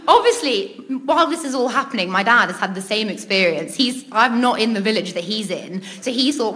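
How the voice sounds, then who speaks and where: Telling a comic anecdote from her own life, a British woman speaks a little fast with few pauses, her slightly high voice expressive and a bit bright. The tone is chatty, with frequent giggles and lots of ums.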